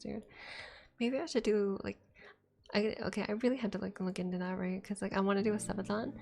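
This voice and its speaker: A woman's voice: medium pitch, steady tone, brisk, creaky, darkish tone, slight background noise. A young woman streamer chatting casually late at night, rambling, swearing often and laughing between thoughts.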